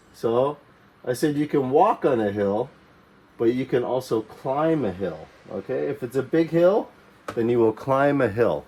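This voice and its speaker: A man's voice: medium pitch, darkish tone. A man teaching a geography lesson to young learners, repeating key words and checking understanding with frequent "okay" and "right?".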